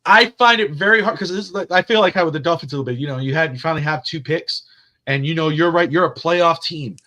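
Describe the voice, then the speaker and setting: A man with a somewhat high voice talks sports on a podcast in a relaxed, chatty register. He tells stories with energy and swears a lot, jumping from one idea to the next. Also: quick pace. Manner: animated, profane storyteller. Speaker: podcast co-host. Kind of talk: casual sports chat.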